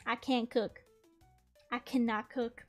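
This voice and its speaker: A woman's voice: fairly high pitch, little pitch movement, slow pace, faint music behind. A young woman with a Southern US accent, chatting casually as a channel host and rambling through a story with lots of "like" fillers. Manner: rambling, heavy use of "like" fillers.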